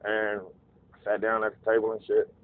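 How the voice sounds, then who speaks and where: A man telling a casual, profane story, animated and acting out voices in quotes. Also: lowish voice, normal speed. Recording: narrow phone-like dry sound.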